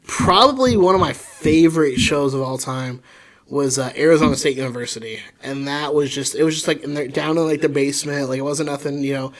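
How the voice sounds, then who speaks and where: A man's voice: on the high side, fairly quick. A man, a comedian guest, chatting casually on a podcast and rambling with lots of filler words.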